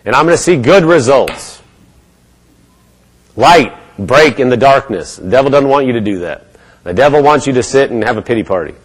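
A man preaching a sermon, switching between a low, gloomy inner voice and bold, rising declarations. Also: lively intonation, moderate pace, low-quality recording. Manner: acts out a gloomy mumbling inner voice, then lifts to bold declarations.

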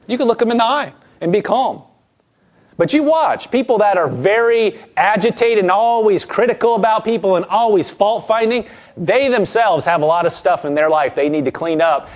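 A man preaching a sermon to a congregation, acting out quoted voices and reading scripture slowly. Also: sits high.

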